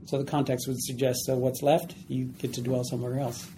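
Male Bible study teacher, mellow tone, light background hiss. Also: mid-range voice, monotone, brisk. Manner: explains plainly, acts out voices.

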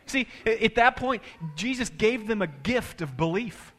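A pastor preaching a sermon, dropping to a hush and then rising loud to act out the scene, with casual asides to the congregation. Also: male voice, sits high, lively intonation, a little slow, in a large hall. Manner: dramatic, swinging between hushed and loud.

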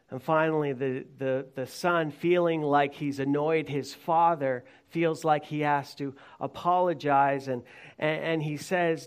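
A man's voice: fairly high pitch, fairly even intonation, normal speed, smooth. A man preaching a sermon to his congregation, talking conversationally and joking with them. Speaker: pastor. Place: church.

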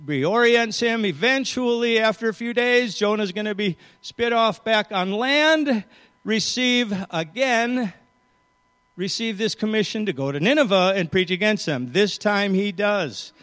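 A man with a high voice preaches a sermon. He retells a scripture story and reads its verses aloud, shifting his emphasis as he goes. His voice rings with the long reverb of a large hall. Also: lively intonation, unhurried, fairly bright tone, clear, resonant tone.

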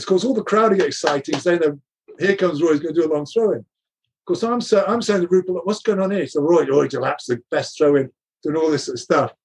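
Husky-voiced man telling lively anecdotes. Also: on the high side. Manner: laughs often while telling stories, acts out quoted dialogue. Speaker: guest recounting coaching career. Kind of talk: animated anecdotal storytelling.

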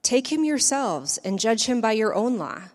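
A woman's voice: on the high side, sing-song, normal speed, a little mellow, in a large hall, pitched above the performer's own voice. A woman reading the part of an uneasy male Roman governor, pressing him with raised questions. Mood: questioning.

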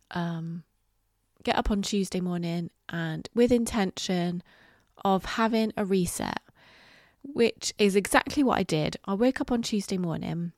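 A middle-aged woman hosting a solo podcast, talking candidly and reflectively, halting with fillers and the odd swear word. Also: fairly low pitch, dry recording, studio quality. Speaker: podcast host. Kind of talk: casual solo podcast monologue.

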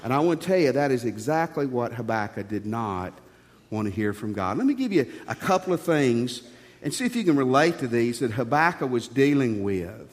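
A man's voice: medium pitch, very animated, moderate pace, long reverb tail. A male pastor delivering a sermon, preaching emphatically and speaking straight to his congregation in a conversational way.

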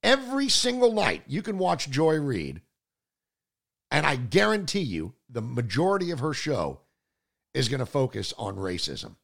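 A man hosting a political talk show, delivering combative, sarcastic commentary that swings between loud outbursts and low mutters. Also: huge pitch swings, unhurried, vocal fry.

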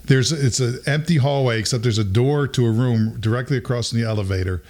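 A middle-aged man with a mid-range voice tells a story in relaxed conversation. He gets animated as he goes, chuckling and slipping into other people's voices when he quotes them. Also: mid-range voice, a little fast.

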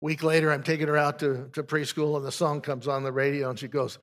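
A man's voice: medium pitch, flat delivery, moderate pace. An older man, a pastor, giving a folksy spoken testimony from the pulpit, telling stories with frequent restarts.

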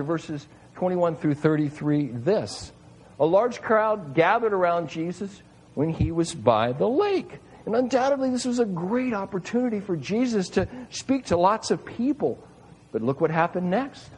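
A man's voice: high-pitched, big pitch swings, normal speed, breathy edge, rough recording. A man preaching a sermon, retelling scripture in an earnest, emphatic way with repeated phrases. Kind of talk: sermon reading and explaining scripture.

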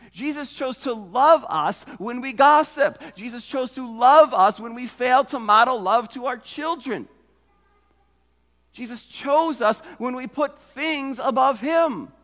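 A man's voice: extremely high pitch, a bit bright, in a large hall. A man preaching a sermon as pastor, earnest and emphatic, who asks rhetorical questions and repeats phrases for effect.

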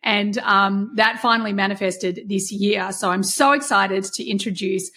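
Woman podcast host, gushing and emphatic, husky edge to the voice. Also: medium pitch, normal speed, sharp tone. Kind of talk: podcast intro and interview.

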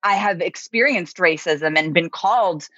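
A woman's voice: fairly low pitch, moderate pace, a bit bright, dry recording. A woman guest on a podcast, speaking earnestly and reflectively in casual conversation, with many "you know"s. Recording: muffled, dry remote recording.

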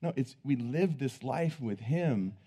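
A man's voice: mid-range voice, lively intonation, a little slow, mellow, slightly rough. A man preaching, telling a personal story in an earnest, conversational way. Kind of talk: sermon storytelling.

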